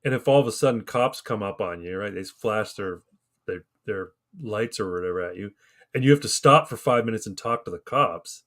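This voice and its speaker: A man's voice: on the low side, brisk, a bit bright. Profane rambling podcast storyteller, a man. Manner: rambling and profane, acts out quoted voices. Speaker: podcast co-host. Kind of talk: casual storytelling chat.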